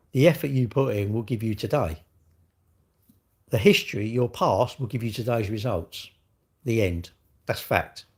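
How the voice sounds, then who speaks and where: A man's voice: mid-range voice, a little mellow. A middle-aged man, talking alone on his livestream in a blunt, sweary rant full of rhetorical questions. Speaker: livestream host. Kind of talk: casual ranting monologue.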